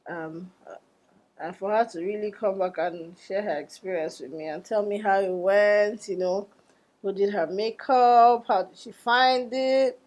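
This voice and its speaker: A young woman, a makeup artist telling a story in a casual vlog, animated and quick to exclaim. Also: medium pitch. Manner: animated, exclaiming and laughing, acting out quoted dialogue.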